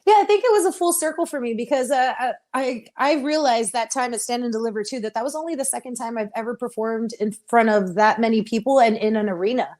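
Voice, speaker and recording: A woman's voice: on the high side, fast, few pauses, darkish tone. A young woman from Texas, a professional wrestler, talking openly and emotionally in a casual interview, laughing often. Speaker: interview guest, pro wrestler.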